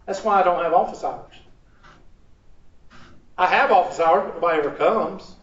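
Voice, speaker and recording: A man's voice: high-pitched, normal speed. A man teaching a math class, joking with students and asking them to finish his sentences. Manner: joking, asks the class to fill in words. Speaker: math instructor. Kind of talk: classroom lecture. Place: large classroom. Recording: echoey, dull, distant classroom recording.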